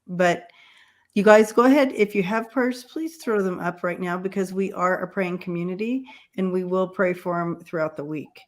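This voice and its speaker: A woman's voice: lowish voice, moderate pace. A woman hosting a casual livestream chat who rambles, with many fillers and restarts. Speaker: livestream host.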